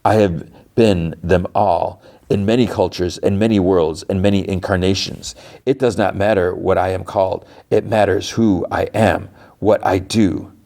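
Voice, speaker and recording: A man voicing a grandiose male trickster god, declaiming slowly in his own low voice. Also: steady tone, dark tone. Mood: solemn. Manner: slow, declaiming.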